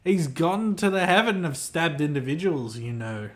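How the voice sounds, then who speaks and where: A man's voice: fairly high pitch, normal speed, a bit bright. Joking man reacting to a game. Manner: joking, laughing asides. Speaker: gameplay host. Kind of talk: let's play commentary.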